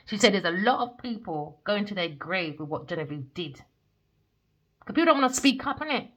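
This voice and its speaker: A woman's voice: mid-range voice, sharp tone. A woman, a tarot reader ranting in a blunt, heated, sweary monologue.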